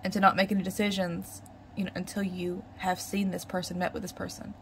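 A woman's voice: on the low side, little pitch movement, brisk, slight background noise, poor audio. A woman giving a casual tarot reading, musing aloud and repeating her questions to the cards. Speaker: tarot reader.

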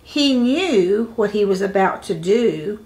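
Woman, children's storyteller, very slow, expressive, dramatic pauses. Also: mid-range voice. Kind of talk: reading a picture book aloud.

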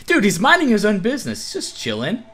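A man's voice: high-pitched, fairly bright tone, breathy edge. A man co-hosting a horror game playthrough, easygoing and laughing often at his partner's jokes. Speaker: co-host playing a horror game. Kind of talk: gaming commentary.

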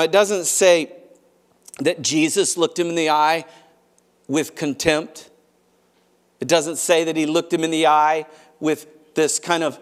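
A man preaching a sermon as pastor, moving between hushed, quiet stretches and loud, pressing passages, often restarting his phrases. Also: sits high. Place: large church auditorium.

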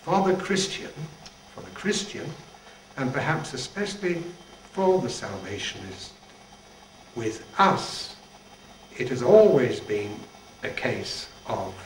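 Speaking slowly with long pauses, yet very animated in a mid-range voice, a retired Salvation Army general gives devotions to a band during practice. The older man's talk is casual and humorous, dotted with chuckles, recorded distantly in a noisy, echoey room.

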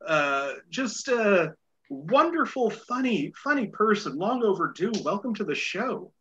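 A man's voice: high-pitched, sing-song, unhurried, a bit bright, highs cut off. A man with a light Boston accent hosting a casual game show podcast, rambling with many fillers and repeated words. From Boston area.

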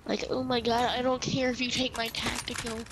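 High-voiced woman trash-talking over game noise. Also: level tone, brisk. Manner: playful, teasing, sing-song taunts. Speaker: gamer. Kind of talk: casual gameplay trash talk. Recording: loud game and vehicle noise behind. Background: loud game sounds, engines.

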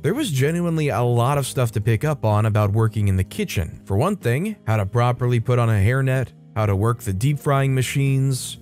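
A man narrates a first-person workplace story in a wry, exasperated way, his pitch sitting in a middle range. Quiet music plays faintly behind him throughout. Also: lively intonation, fairly quick, hardly any pauses. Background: faint background music.

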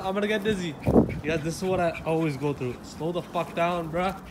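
A young man vlogging casually, excitable and swearing, switching to high baby talk with his dogs. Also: brisk, background noise. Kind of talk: casual vlog talking to viewers and dogs.

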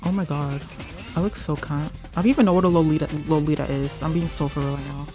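Over background music, a young gaming vlogger tosses out sarcastic, profanity-laced trash talk as she plays. She speaks quickly in a low, steady voice.

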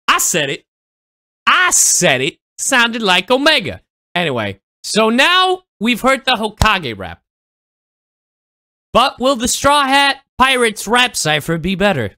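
Casting: man as comedic reaction host, bright, wildly swinging pitch. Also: huge pitch swings, slow pace. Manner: exclamatory, joking, swings between loud and mumbled.

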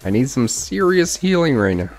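A man streaming a video game, talking through the action in casual commentary with excitable, self-mocking reactions. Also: mid-range voice, moderate pace, soft background music. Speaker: gaming streamer.

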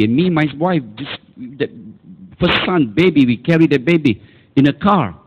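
A man's voice: on the high side, dull audio, background noise. A man with a Malaysian English accent, preaching a sermon as pastor and calling the congregation for amens. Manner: emphatic, calls for amens and repetition.

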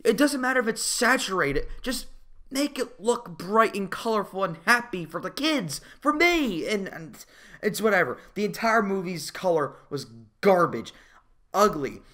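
A man's voice: high voice, lively intonation, a little slow, bright, forceful tone. A young man reviewing a movie in a casual, profane, exasperated rant.

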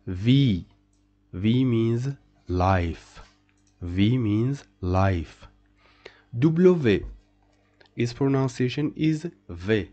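A man's voice: on the low side, expressive, very slow, pauses often, warm tone, dull audio. A man teaching beginner French pronunciation, saying each word several times and then translating it. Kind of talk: slow beginner pronunciation lesson.

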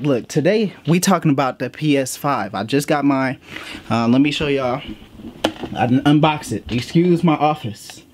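Slangy, breathless man vlogging. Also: on the high side. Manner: slangy, talks straight to viewers with lots of asides. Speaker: gaming YouTuber host. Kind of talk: casual vlog talk to viewers. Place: home office.

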